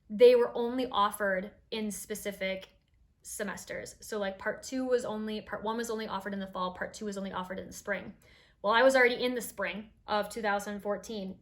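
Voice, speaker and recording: A young woman in her twenties, a teacher vlogger, explaining her school paperwork in a chatty, upbeat way with plenty of fillers. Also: medium pitch. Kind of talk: casual explanatory vlog.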